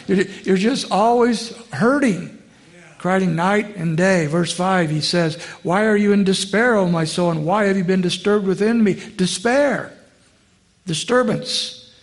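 A man preaches a sermon in a voice that sits a little high for a man. He keeps it conversational and often asks the congregation questions. On the heavier phrases he sinks lower and softer. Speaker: pastor.

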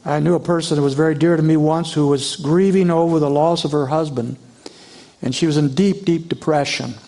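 Expressive male preacher, somewhat high voice. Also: brisk. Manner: expressive preaching, voicing the psalmist's pleas in a rising voice. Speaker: pastor. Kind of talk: sermon.

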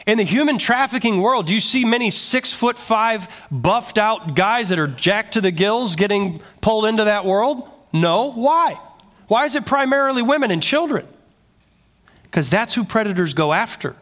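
A male pastor preaching a sermon in an animated way, full of rhetorical questions. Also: high-pitched, normal speed.

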